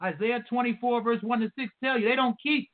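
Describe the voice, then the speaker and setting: High-pitched guy preaching hard, reading bible verses slow, tinny phone sound. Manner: emphatic, reads scripture slowly and repeats verse numbers. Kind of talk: sermon.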